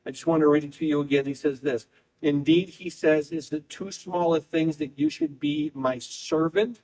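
A man preaching a sermon, emphatic and repetitive, reading scripture aloud and swinging between quick bursts and slow, drawn-out phrases. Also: on the high side, darkish tone, rough recording. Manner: emphatic preaching, speeding up and slowing down, repeating phrases. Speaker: pastor.

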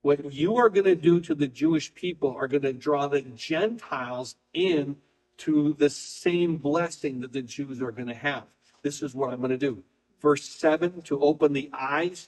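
A man preaching a sermon, emphatic and repetitive, reading scripture aloud and swinging between quick bursts and slow, drawn-out phrases. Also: fairly high pitch, darkish tone, poor audio. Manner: emphatic preaching, speeding up and slowing down, repeating phrases. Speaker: pastor.

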